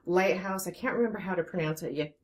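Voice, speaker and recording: A woman's voice: fairly low pitch, fast. A woman in her forties, a guest metalsmith, talking chattily and enthusiastically in a casual interview at her home workshop. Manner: chatty and enthusiastic, with many restarts. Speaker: guest metalsmith and jewelry designer.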